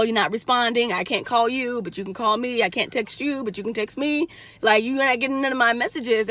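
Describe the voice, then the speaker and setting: A young woman talks straight to her viewers in a blunt, profane way, acting out each line of a conversation. Her voice sits a little high for a woman. The sound is dry and close, with no room echo. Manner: blunt, profane, animated retelling with quoted voices. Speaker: vlogger. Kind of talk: casual storytelling to viewers.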